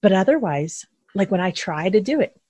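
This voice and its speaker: A woman from Philadelphia hosting a casual interview, chatty and animated as she reminisces. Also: mid-range voice, a little fast, dry recording. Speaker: podcast host.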